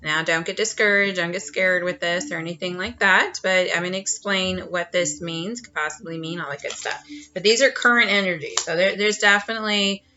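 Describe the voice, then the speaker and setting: A woman's voice: on the low side, steady tone, brisk, bright, forceful tone. Chatty woman giving a rambling tarot reading. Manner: rambling, chatty, many fillers and restarts. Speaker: tarot card reader. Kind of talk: casual tarot reading at home. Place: her home. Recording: dull lo-fi sound.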